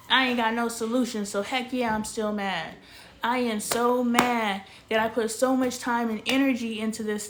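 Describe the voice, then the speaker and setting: A woman with a fairly high voice vents to her camera in a candid, unscripted monologue. She is exasperated and blunt, and she swears freely as she talks about her work as a content creator and spiritual coach. A faint hum of noise sits under her voice.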